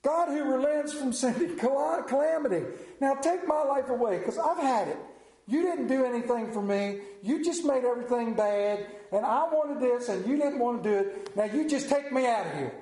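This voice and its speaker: A petulant prophet in full tantrum whines in a strained, high voice, as a man acts him out. His complaints ring loud and sulky. The echoey room carries the sound around him. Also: expressive, unhurried, long pauses. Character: sulking, whiny grown man prophet in a tantrum.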